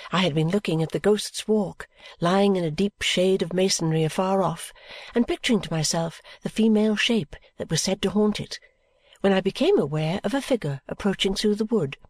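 A woman reading a novel aloud as a first-person audiobook narrator, with a calm, even storytelling delivery. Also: medium pitch, dry recording. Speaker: audiobook reader.

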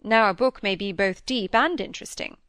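A woman reading the part of an earnest young Victorian gentleman in an audiobook, measured and sincere. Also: mid-range voice, smooth, no echo, lightly acted.

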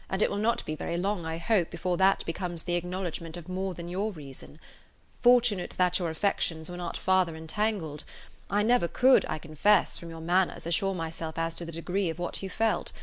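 A woman reading aloud, voicing a grave older gentleman who speaks low and measured. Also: lightly acted.

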